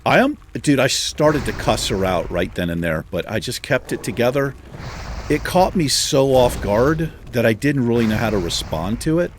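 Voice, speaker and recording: A man's voice: mid-range voice, expressive, normal speed, slight background noise. A man hosting a gaming channel, telling a long anecdote casually with a lot of swearing. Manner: profane, exasperated anecdote telling. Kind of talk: casual storytelling over gameplay.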